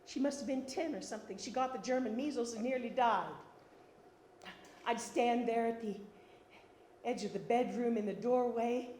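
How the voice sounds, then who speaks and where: An older woman tells her life story in a one-woman theatre monologue, wry and often laughing. Her voice sits a little high for a woman. The room is echoey, with faint ambience behind her. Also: moderate pace, long pauses, a little mellow, a little hiss or hum. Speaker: stage performer telling her life story. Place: theatre stage.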